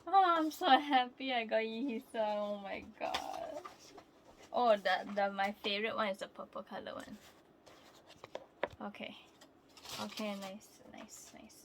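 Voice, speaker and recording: A young woman vlogging casually while unboxing albums, excitable and prone to laughing squeals. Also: medium pitch, measured pace, vocal fry, long pauses, background noise.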